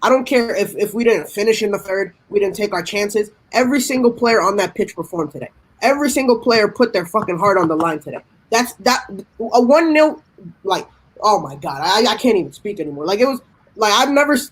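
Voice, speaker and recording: A man's voice: high-pitched, animated, a little fast, husky, poor audio. A man on a fan panel giving a passionate live match reaction, emphatic and repeating himself.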